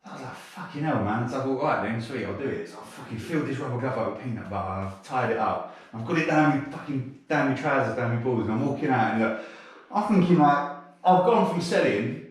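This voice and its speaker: A man's voice: medium pitch, quick pace. Sweary South London man, echoey room. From South London, England. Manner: sweary, animated anecdote-telling with bursts of laughter. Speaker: podcast guest. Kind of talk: casual storytelling interview. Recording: very echoey room, mic at a distance.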